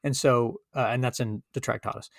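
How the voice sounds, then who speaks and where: A man's voice: mid-range voice, fairly even intonation, a little fast, vocal fry, dry recording, studio quality. Earnest man talking philosophy. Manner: earnest, emphatic, restarts often. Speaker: podcast co-host. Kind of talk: casual philosophical discussion.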